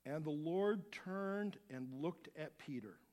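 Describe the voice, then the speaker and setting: Animated preacher man, fairly high voice. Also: takes it slowly. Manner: animated, swings from quiet asides to loud shouts. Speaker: pastor. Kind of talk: sermon.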